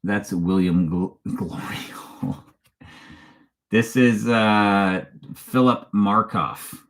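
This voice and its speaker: Chatty man, slightly low voice. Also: drawn-out words. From Canada. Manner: rambling and chatty, laughs often, reads viewer questions aloud. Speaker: true crime channel host. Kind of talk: casual live-stream chat.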